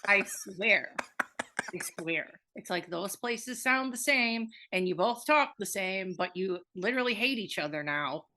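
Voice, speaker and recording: A woman's voice: mid-range voice, expressive, normal speed, few pauses, pushed and bright, a little hiss or hum. A young woman co-hosting a podcast, chatting casually and animatedly, swearing freely. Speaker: podcast co-host. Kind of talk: casual chat.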